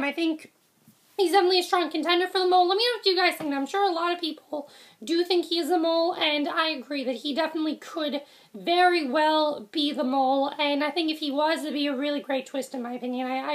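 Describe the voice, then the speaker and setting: A young woman casually reviewing a TV episode, rambling with frequent ums, self-corrections and quick apologies. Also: sits high, steady tone.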